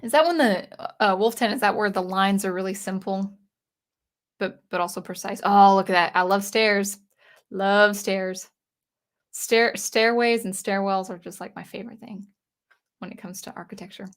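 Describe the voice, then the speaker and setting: A woman's voice: medium pitch, normal speed. A woman hosting a casual livestream for a music channel, reading viewer comments and rambling with frequent restarts.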